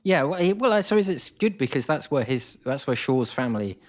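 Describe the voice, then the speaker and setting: A man with an English accent hosting a history film podcast, talking in a lively way and rising in pitch when he asks questions. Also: a little fast. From England. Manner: animated, rises in pitch when asking questions. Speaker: podcast host. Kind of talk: casual podcast discussion.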